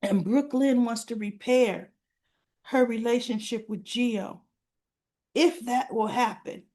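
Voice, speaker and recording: Woman doing a soap recap, highish voice, slow and drawn out, acts out the lines and sasses the characters. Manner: animated, talks back to characters, acts out quoted lines. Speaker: soap opera reviewer. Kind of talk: casual recap commentary.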